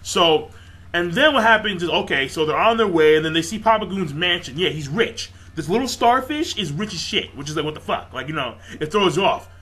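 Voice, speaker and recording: A man talks through an anime episode in a loose, rambling recap, swearing freely and piling on fillers. His voice sits a little high and has a bright, forceful edge. He sounds excitable and casual throughout. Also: fairly quick.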